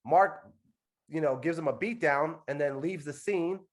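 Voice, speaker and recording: A man's voice: on the high side, a little slow. A man hosting a casual interview, retelling his guest's story in a playful, slangy way and addressing the others directly. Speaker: host. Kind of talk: casual chat.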